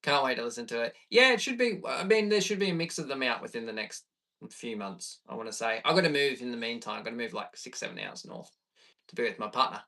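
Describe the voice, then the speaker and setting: Bright-voiced Australian man chatting on stream. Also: mid-range voice, distant mic. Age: 30s. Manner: chatty and easygoing, reading viewer questions aloud. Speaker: streamer and bass player. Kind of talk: casual live-stream chat with viewers.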